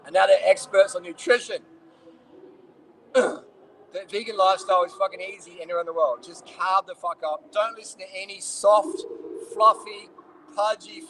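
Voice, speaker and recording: A man's voice: high voice, noisy background. Blunt, profane man ranting. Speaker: cycling vlogger. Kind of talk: casual answering of viewer questions.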